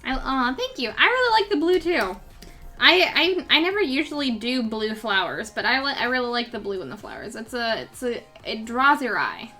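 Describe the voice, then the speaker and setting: A woman's voice: on the high side, big pitch swings, normal speed, sharp tone, soft background music. A young woman chatting casually with her viewers and her cat during a live drawing stream.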